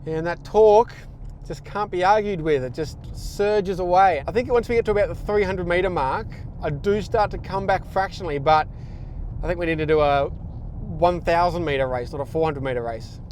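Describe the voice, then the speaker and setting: A man driving and commentating on car tests, playful and easily excited, speaking from inside a car on a track. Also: high-pitched, moderate pace, a little hiss or hum. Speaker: co-host and driver. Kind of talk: casual commentary.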